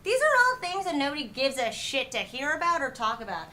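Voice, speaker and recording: A woman's voice: high voice, a little fast, a little hiss or hum. A woman dating coach talking frankly and acting out little quoted lines in a casual advice chat. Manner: frank, animated, acts out quotes.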